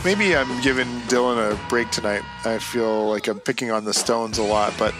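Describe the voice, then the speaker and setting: A man's voice: fairly low pitch, moderate pace. A man co-hosting a podcast in casual chat, easygoing and hesitant, with many fillers. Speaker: podcast co-host. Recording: music clearly playing underneath.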